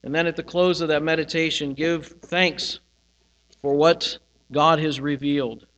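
A man's voice: a little high, fairly even intonation, a bit bright. Man preaching in an echoing hall. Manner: slow, reflective teaching with pauses on single words. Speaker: pastor. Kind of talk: sermon. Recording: hall reverb with mains hum.

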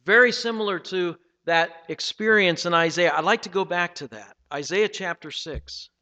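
A man preaching a sermon, reading scripture dramatically and swinging between loud passages and hushed ones. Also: sits high, normal speed, long reverb tail, highs cut off. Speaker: pastor.

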